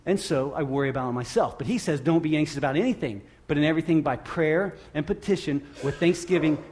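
Conversational male preacher, slightly high voice. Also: a little mellow, slight background noise. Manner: conversational, self-deprecating, with emphatic rises. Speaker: pastor. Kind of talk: sermon.

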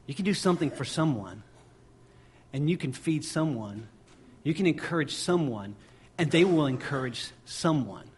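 A man's voice: fairly high pitch, animated, normal speed, a little mellow, slight background noise. A man preaching a sermon, impassioned and building through repeated phrases. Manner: impassioned, driving repetition.

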